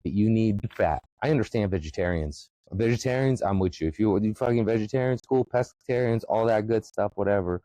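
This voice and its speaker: A man from the former Soviet Union, hosting a podcast and delivering a profane, emphatic comedic rant that often jumps into a high excited pitch. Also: a little fast, hardly any pauses, no echo, low-quality recording. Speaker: podcast host.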